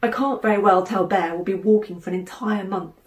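A woman, an author, reading her children's novel aloud in measured, expressive narration. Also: mid-range voice. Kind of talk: audiobook narration. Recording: roomy room echo.

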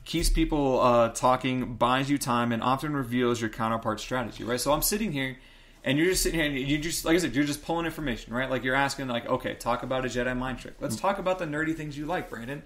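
A man's voice: mid-range voice, fast, a bit bright. A man co-hosting a podcast in a loose, joking way, filling his talk with likes and rights. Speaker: podcast co-host. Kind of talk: casual podcast chat.

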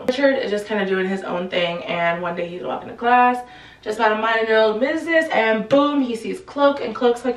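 A woman's voice: mid-range voice, quick pace, far from the mic. A young woman tells a story in a chatty, slangy way and briefly acts out each character's lines. Her voice sits a little back from the mic, in a room with a noticeable echo. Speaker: book recap host. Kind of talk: casual storytelling recap.

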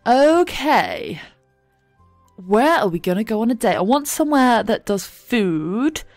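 A woman's voice: fairly high pitch, very animated, a little slow, a little mellow, no room sound, soft background music. A woman giving chatty, giggly let's play commentary into a desk microphone at home. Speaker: gaming YouTuber.

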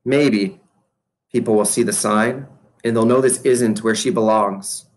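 A man's voice: on the low side, fairly even intonation, a little slow, close to an everyday voice. A man reading aloud voices an earnest young girl who talks in an eager, pleading way.

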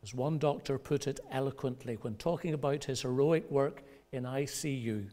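A male pastor preaching a sermon in a measured way, pausing for effect and rising in pitch when he quotes others. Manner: measured preaching with dramatic pauses; rises in pitch and loudness when quoting voices. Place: church.

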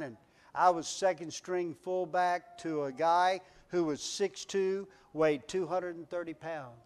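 A man pastor preaching a folksy sermon in a church, building to near-shouts on his refrains. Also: fairly high pitch. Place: church sanctuary.

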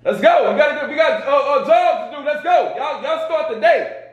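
A man with a Southern US accent, pranking his kids as a vlogger dad, loud, bossy and teasing. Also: extremely high pitch, expressive, normal speed, reverberant, highs cut off. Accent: Southern US Black English. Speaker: vlogger, father.

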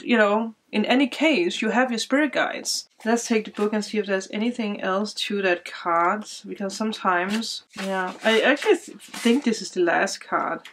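A woman's voice: mid-range voice, a bit bright. Tearful woman giving a chatty tarot reading. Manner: emotional, laughing and teary, with frequent fillers. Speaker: tarot card reader. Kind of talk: casual spiritual card reading.

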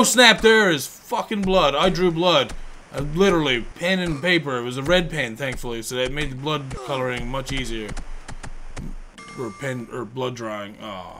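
A man commentating his own video game play, joking around and bursting into loud, profane outbursts. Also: medium pitch, a little hiss or hum. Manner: profane, excitable outbursts and rambling jokes. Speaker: gameplay commentator.

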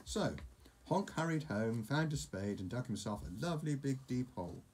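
A man's voice: medium pitch, lively intonation, moderate pace, darkish tone, a little hiss or hum. A man reading a picture book aloud to a child, with playful, chatty asides.

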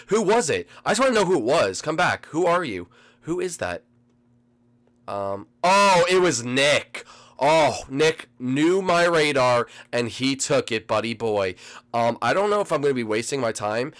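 A teenage young man giving excitable gameplay commentary to his viewers, dropping to a mumble and then bursting into yells. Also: mid-range voice. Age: late teens. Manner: excitable, swings from mumbling to yelling; addresses viewers as folks. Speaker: gaming video host.

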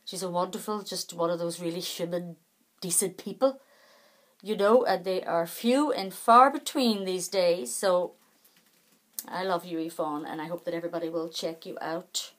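A middle-aged woman talks casually to her camera with a somewhat low voice. She rambles from one thing to the next in a chatty, self-deprecating way. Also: fairly even intonation, normal speed, fairly bright tone. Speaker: vlogger.

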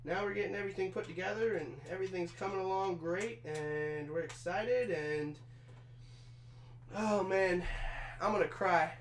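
A man's voice: high voice, moderate pace. A man in his twenties chatting casually with his live chat while he assembles a chair, swearing now and then, hot and sweaty from the work. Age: 20s. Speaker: streamer. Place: small room in his trailer. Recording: echoey room with faint hum.

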